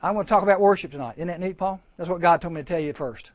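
Fast, high-voiced preacher man. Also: dry recording. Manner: animated, acts out quoted voices. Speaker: camp preacher. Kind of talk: storytelling sermon to teens. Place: indoor camp chapel.

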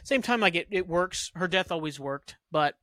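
Recorded with clean studio sound and no echo, this podcast host has a voice that sits high, with lively intonation and a bright, forceful tone at a moderate pace. He chats casually on his own, meandering through a TV recap full of filler words and the occasional curse.

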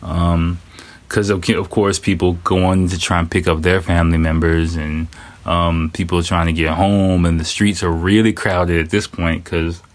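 A man with a very low, deep voice tells a story in a relaxed, rambling way. He swears freely, leans on fillers, and acts out quick asides as he goes. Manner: loose, profane, full of fillers and quoted asides. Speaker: storyteller recounting personal experience. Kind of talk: casual spoken monologue. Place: living in Japan.

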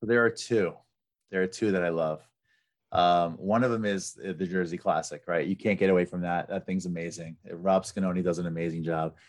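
A man chatting as a podcast guest, telling animated stories full of fillers like "like" and "right". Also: deep voice, moderate pace. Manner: animated storyteller with lots of fillers. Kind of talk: casual chat.

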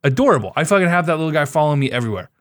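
A man in casual gaming chat, telling excitable, profane stories about his catches. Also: a little high, racing, no echo, studio quality.

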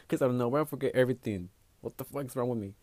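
Quick-paced and medium in pitch, with a darkish tone and no echo, a podcast host delivers a casual monologue on his own. He's blunt and foul-mouthed, moving back and forth between English and Spanish.

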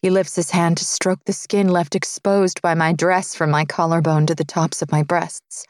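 A woman reads a first-person romance audiobook in a low-pitched, intimate voice. The recording is dry and close, with no room sound. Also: level tone, normal speed, dry recording. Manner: low, intimate reading, dropping softer for his lines. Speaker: audiobook narrator.

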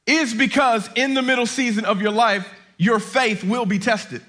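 A man preaching a sermon as a campus pastor on a lapel mic, emphatic, repeating his points and building to shouts. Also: very high-pitched, fairly even intonation, moderate pace. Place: church auditorium.

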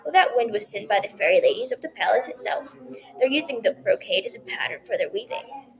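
A folksy old woman who smokes a pipe speaks kindly and calls the boy dearie, as a woman reads her part. Her voice sits fairly high, with crowd chatter murmuring behind her. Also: lively intonation, a little fast.

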